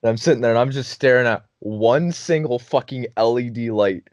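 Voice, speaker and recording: A man's voice: medium pitch, a little fast, no room sound. Laughing, cursing young man telling a story. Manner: laughing, profane, animated storytelling. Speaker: podcast host. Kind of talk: casual storytelling.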